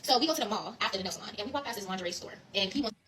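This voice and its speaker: Rapid-fire young woman telling a story. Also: mid-range voice, slight background noise, rough recording. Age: 20s. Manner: animated, emphatic, talks straight to listeners. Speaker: guest storyteller. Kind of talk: casual storytelling.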